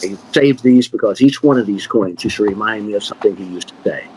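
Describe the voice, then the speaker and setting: Low-voiced man talking loosely. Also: fast talker, slight background noise, low-quality recording. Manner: relaxed, rambling, many fillers and restarts. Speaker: magician answering questions. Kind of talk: casual conversational Q&A.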